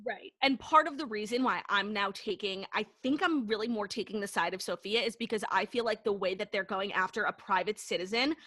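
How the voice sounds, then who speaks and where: A woman's voice: medium pitch, brisk, few pauses, bright, forceful tone, no echo. A young woman co-hosting a pop culture podcast, talking bluntly and casually, swearing freely and saying "like" a lot. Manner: blunt and frank, swears, lots of "like". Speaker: podcast co-host. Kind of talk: casual chat.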